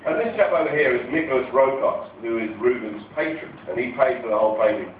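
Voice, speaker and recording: A man's voice: mid-range voice, fast, far from the mic, slight background noise. A man doing a rambling, playful stand-up routine, slipping into silly character voices. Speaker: stand-up comedian. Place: comedy venue stage with audience. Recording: live stage audio, tinny and roomy, loud crowd laughter. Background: audience laughter.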